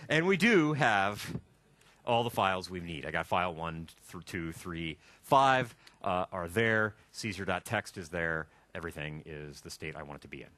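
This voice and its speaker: A man teaching a live software workshop, joking and chatting as he thinks aloud and types. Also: sits low. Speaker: instructor. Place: classroom with a live audience.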